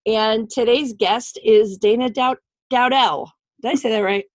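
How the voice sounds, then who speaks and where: A woman's voice: on the high side, measured pace. A middle-aged woman hosting a comedy podcast, chatting and joking with a guest, laughing often. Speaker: podcast host. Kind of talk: casual comedic chat.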